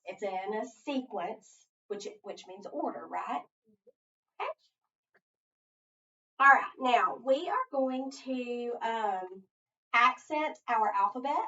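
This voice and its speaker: A woman's voice: a little high, expressive, slow pace, pauses often, sharp tone. Patient woman teacher, echoey and distant. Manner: patient, prompting questions. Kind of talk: phonics lesson with a child. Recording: echoey, distant, dull recording.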